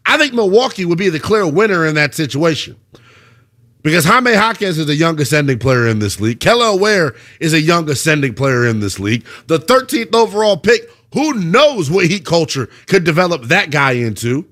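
A man hosting a sports talk radio show, arguing his takes with rhetorical questions and an animated delivery. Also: a little high, normal speed.

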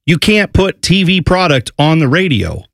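A man co-hosting a casual sports talk show, opinionated and animated, breaking into loud mock announcer calls. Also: fairly high pitch, moderate pace, gravelly, no echo. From Columbus, Ohio area. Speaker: podcast co-host.

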